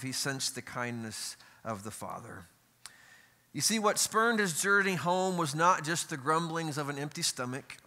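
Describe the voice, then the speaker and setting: A middle-aged pastor delivers a sermon in a church, speaking in a conversational way with frequent asides and rhetorical questions. His voice is bright and forward, pitched slightly above average for a man. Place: church sanctuary.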